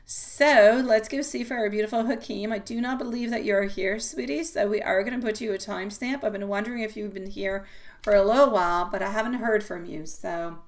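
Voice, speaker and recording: Live-streaming a tarot reading, a woman chats with viewers and calls them sweetie and my love. She rambles and repeats herself in a mid-range voice at a fairly quick pace.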